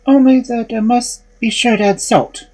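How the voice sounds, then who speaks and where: A man's voice: very high voice, fairly even intonation, moderate pace, a little mellow, voice pushed up, low-quality recording. A man voicing a frightened but clever young maiden in a storybook reading. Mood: nervous.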